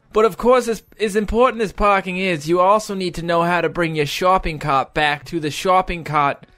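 Mock lesson host, patronizing and teacherly, vague put-on accent, as a gamer plays it up. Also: male voice, mid-range voice, fairly bright tone, close to an everyday voice. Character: mock male driving instructor, patronizing.

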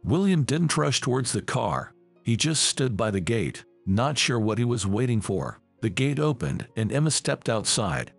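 A man narrating a scripted story in an even storytelling read, with a gravelly voice. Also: medium pitch, normal speed, soft background music. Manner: even storytelling read, voicing all characters plainly.

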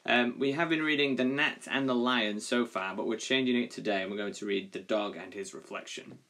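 A man's voice: mid-range voice, a little fast, fairly bright tone. A male primary school teacher giving a recorded reading lesson, patiently explaining and reading a fable expressively.

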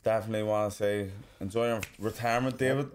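A man's voice: fairly low pitch, steady tone, quick pace, a little hiss or hum. Swearing Northern Irish man, chatty. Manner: swears freely, laughs often. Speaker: podcast co-host. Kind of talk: casual chat.

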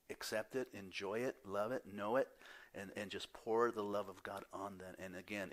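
A man delivers a sermon from the pulpit, his voice sitting a little low. He swings between loud, emphatic declarations and hushed lines that drop almost to a whisper. He drops into confessional, self-deprecating asides. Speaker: pastor.

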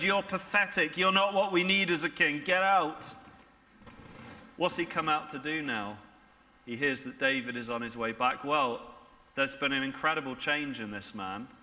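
A man's voice: a little high, bright, forceful tone. A man preaching a sermon in a conversational way, often asking the congregation rhetorical questions. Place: church. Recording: church hall reverb.

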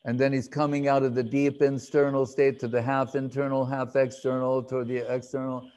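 A man giving a devotional lecture, telling a sacred story in a slow, reflective way with pauses and fillers. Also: medium pitch, flat delivery, a little mellow. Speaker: speaker giving a spiritual talk.

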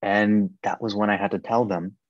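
A young man with a lowish voice tells his story with lots of casual fillers. He acts out what others said with his pitch jumping up, and his voice sits close and dry in a slightly muffled podcast recording. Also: normal speed, no echo. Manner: animated, acts out quoted voices with sharp rises in pitch. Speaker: podcast guest. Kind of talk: personal faith testimony, storytelling.

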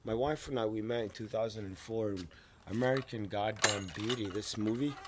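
A man recording a handheld video log to his landlord, rambling and profane, swinging from loud outbursts to low mutters. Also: a little fast, a little hiss or hum. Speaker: vlogger addressing his landlord. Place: outdoors and indoors at his rented home.

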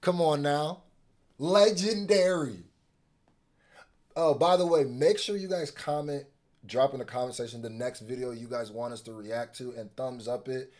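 A man hosting a couples reaction video, chatting in a relaxed, enthusiastic way with many fillers. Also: mid-range voice, normal speed. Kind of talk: casual reaction commentary.

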